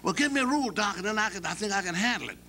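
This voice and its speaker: A man's voice: sits high, expressive, racing, bright, forceful tone, a little hiss or hum, pitched above the performer's own voice. An older man voicing a young male college basketball player who sounds doubtful and pleading in his questions.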